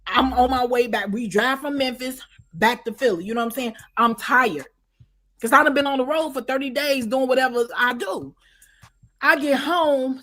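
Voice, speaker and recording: An interview guest with a high-pitched, slightly bright voice tells a lengthy story in a relaxed, slangy style. "You know what I'm saying," she asks often, making sure the listener is with her.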